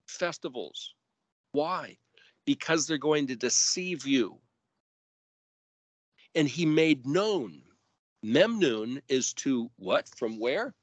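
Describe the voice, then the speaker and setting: A man teaching scripture verse by verse, spelling out Hebrew letters and word roots deliberately and rising sharply when stressing commands. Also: mid-range voice, expressive, no echo. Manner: emphatic rises on commands. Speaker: Bible teacher.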